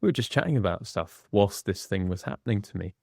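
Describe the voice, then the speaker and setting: A man speaking as a podcast guest in a candid conversation, measured and reflective, pausing between phrases. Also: on the low side, animated, vocal fry, darkish tone, dry recording, studio quality.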